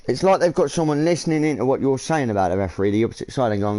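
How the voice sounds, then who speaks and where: A man's voice: mid-range voice, animated, racing, warm tone. Bantering man gaming with friends. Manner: joking, teasing banter. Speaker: gaming channel host. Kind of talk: casual gaming chat with friends.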